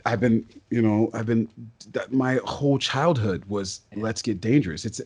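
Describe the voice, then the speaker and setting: A man, a stage and voice actor, telling stories as a podcast guest in an excitable, talkative way. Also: mid-range voice, slightly rough. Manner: talkative and excitable, quick bursts and restarts. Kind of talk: casual podcast interview storytelling.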